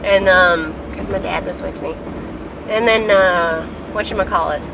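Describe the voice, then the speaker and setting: A woman's voice: a little slow, background noise. A young woman, telling a story in a casual vlog and acting out what people said with big jumps in her voice. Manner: animated storyteller, acts out quotes with big pitch jumps. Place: in a car.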